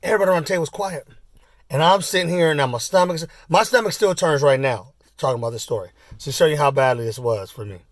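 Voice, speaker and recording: A man's voice: on the high side, quick pace, dry recording. Man in his forties telling a rambling story. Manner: rambling, full of fillers and asides; animated when acting out the story. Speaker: vlogger. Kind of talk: casual storytelling.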